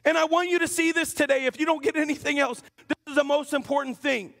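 A man's voice: very high voice, fairly even intonation, fast talker, gravelly, few pauses, a bit bright. A man preaching a sermon as pastor, teasing and joking with his congregation before turning serious. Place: church sanctuary. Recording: long hall reverb.

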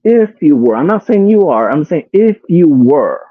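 A man's voice: fairly high pitch, big pitch swings, moderate pace, husky, dry recording. A man giving casual commentary to his live chat, exasperated, swearing and repeating himself as he keeps throwing rhetorical questions at his viewers. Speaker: commentary streamer. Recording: tinny phone-like sound, dry.

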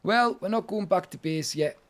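A man's voice: sits high, normal speed. Chatty man gaming commentary. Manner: chatty, jokey, talks to himself and chat. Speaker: gaming streamer. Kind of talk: casual let's-play commentary.

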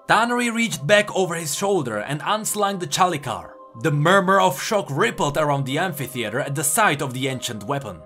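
A man reading a dark fantasy tale aloud with a dramatic, expressive delivery. His voice sits fairly high and swings widely in pitch, with soft music playing behind him. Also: fairly quick, few pauses. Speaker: lore narrator. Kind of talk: storybook narration.

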